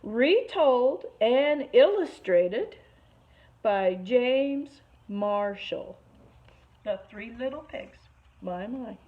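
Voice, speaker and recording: Expressive woman reading a picture book. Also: a little high, drawn-out words. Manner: expressive, stops to explain words. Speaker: teacher. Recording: muffled lo-fi recording.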